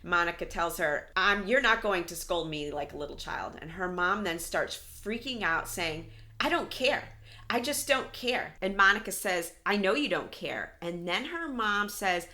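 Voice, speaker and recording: Bright-voiced woman recapping with gusto. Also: lowish voice, normal speed, few pauses. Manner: animated retelling, acts out quotes, laughs often. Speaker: podcast co-host recapping a reality show. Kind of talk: casual recap chat.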